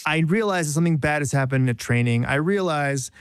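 A man's voice: fairly high pitch, animated, a little fast, a little hiss or hum. A man, a journalist, telling a self-deprecating story on a podcast in a rambling, casual way with frequent restarts.

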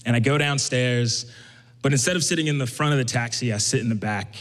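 A young man from Brooklyn, USA, talks fast at medium pitch while telling a personal story on stage. He sounds conversational, animatedly quoting others, with an echoey hall around him.

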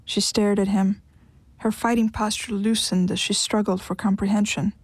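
A woman giving an audiobook narration in an even, measured storytelling manner. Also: medium pitch, slightly rough, dry recording.

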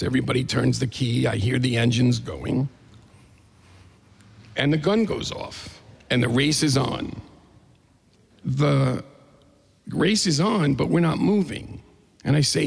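A man telling a funny story to a crowd in an animated, playful, self-mocking way. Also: medium pitch, measured pace, gravelly, pauses often, slightly rough, in a large hall. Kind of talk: live comedic storytelling.

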